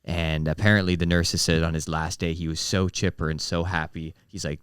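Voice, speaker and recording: A man, a comedian guest, trading sardonic deadpan jokes in podcast banter. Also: sits low, fairly quick, smooth, no echo, clean studio sound. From Canada.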